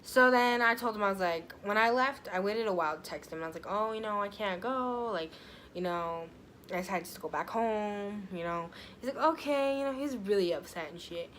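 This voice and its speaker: A woman's voice: medium pitch, a little fast, a bit bright, slight background noise. A young woman telling a storytime vlog in a chatty, casual way, full of fillers and swearing. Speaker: vlogger.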